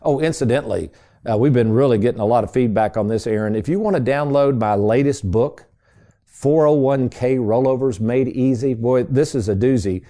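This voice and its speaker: A man's voice: mid-range voice, normal speed, mellow. A middle-aged man hosting a radio show, telling a casual story in a folksy way and addressing listeners as folks. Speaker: radio show host and financial advisor.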